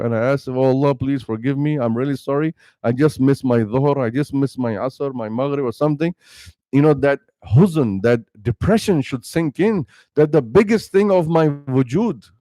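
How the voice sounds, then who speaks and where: A man's voice: fairly high pitch, darkish tone, no room sound. A man, an imam, preaching an impassioned sermon into a microphone, full of rhetorical questions. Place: Islamic center prayer hall. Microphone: speaking into a microphone.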